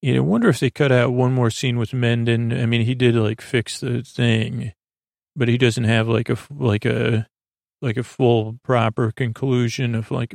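Halting, gravelly man recapping rambly. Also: level tone, darkish tone, no echo, studio quality. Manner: halting, many fillers and restarts, low-key. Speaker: podcast host. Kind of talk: rambling sleep podcast recap.

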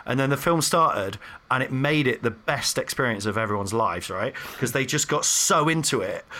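A man's voice: medium pitch, moderate pace. A man hosting a podcast, telling stories in casual chat with lots of fillers. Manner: animated storytelling, many fillers. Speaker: podcast host.

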